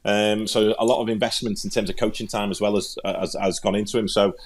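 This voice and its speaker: A man's voice: lowish voice, steady tone, fast. A man with a Liverpool accent, co-hosting a football podcast in casual, rambling chat, often repeating words as he thinks. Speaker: podcast co-host and pundit.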